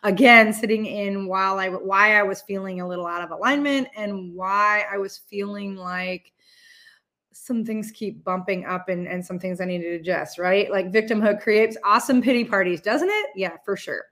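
A woman's voice: mid-range voice, moderate pace, fairly bright tone. A middle-aged woman hosting a casual motivational talk for live viewers, speaking candidly, swearing freely and restarting her sentences often. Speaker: host.

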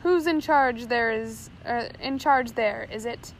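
A woman's voice: on the high side, slow pace, a little hiss or hum. A woman voicing a nervous, bumbling male pirate mate who stammers eagerly in a storybook reading. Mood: flustered.

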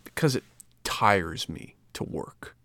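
A man voicing an impulsive wooden puppet boy, excited and pleading in a storybook reading. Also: deep voice, slow, gravelly, no echo, clean studio sound, full character voice. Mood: sulky.

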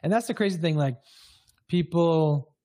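Mellow, fairly high-pitched man telling a story. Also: normal speed, no room sound. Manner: casual, loose, with many fillers. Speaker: guest, breathwork coach. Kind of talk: candid personal storytelling.

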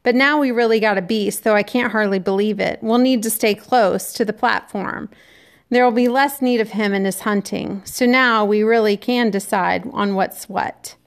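A woman's voice: mid-range voice, fairly even intonation, normal speed, clear, resonant tone, close to an everyday voice. Woman reader voicing a fussy, earnest schoolboy; read-aloud novel dialogue. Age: child. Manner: earnest, indignant.

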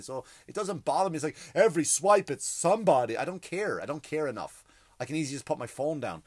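A man's voice: mid-range voice, no echo. A male comedian hosting a podcast, talking in a rambling, profane monologue that often stops and restarts mid-sentence.

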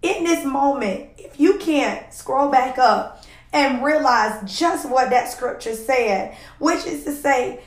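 A woman's voice: high voice, takes it slowly, echoey room. A woman hosting a devotional podcast, preaching in a heartfelt, emotional way, close to tears and calling out "y'all" to her listeners. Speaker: podcast host.

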